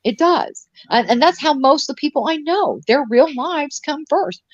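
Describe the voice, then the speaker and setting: A woman's voice: high-pitched, lively intonation, moderate pace, no echo. A middle-aged woman in casual live-stream chat, rambling and sarcastic with many restarts. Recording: dull, dry lo-fi stream audio.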